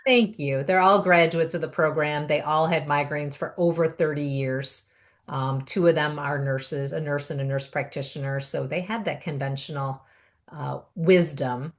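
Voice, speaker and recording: A woman's voice: deep voice, steady tone, normal speed. A middle-aged woman hosting an interview, upbeat and encouraging, explaining at length. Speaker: host.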